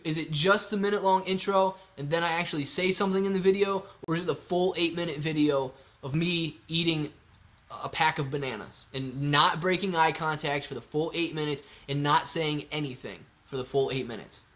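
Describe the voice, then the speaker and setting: A man hosting a casual live stream, chatty and excitable, talking straight to his viewers. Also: a little high. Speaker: livestream host.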